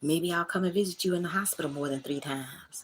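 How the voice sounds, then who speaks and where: A woman's voice: low voice, fast talker, a little hiss or hum. A woman hosting her own livestream, speaking, candidly venting and talking straight to her chat from a small room at home. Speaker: livestream host.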